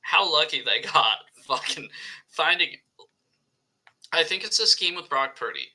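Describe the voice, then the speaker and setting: A man's voice: fairly high pitch, lively intonation, measured pace, bright, forceful tone. A man co-hosting a casual football livestream who talks bluntly, swears often and laughs through his points. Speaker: co-host, Seahawks fan. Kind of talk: casual sports debate.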